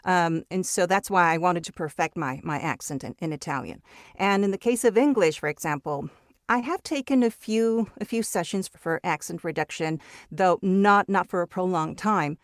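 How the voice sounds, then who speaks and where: A woman's voice: fairly low pitch, moderate pace, no echo, clean studio sound. A Mexican-raised woman whose first language is Spanish, chatting as a guest voice actor in an interview, with lots of restarts and repeated words. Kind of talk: casual interview chat.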